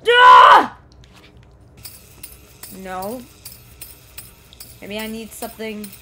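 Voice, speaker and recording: A young woman streaming a horror game live, excitably reacting out loud and talking to the game and her chat from a desk mic at home. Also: mid-range voice, normal speed, noisy background. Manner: excitable, exclaims and talks to the game. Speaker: gameplay streamer. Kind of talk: live let's play commentary.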